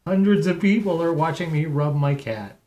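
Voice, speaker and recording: A young adult man hosting a casual live internet radio show, cooing softly in baby talk to his cat between announcements. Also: fairly high pitch, lively intonation, normal speed, lo-fi sound.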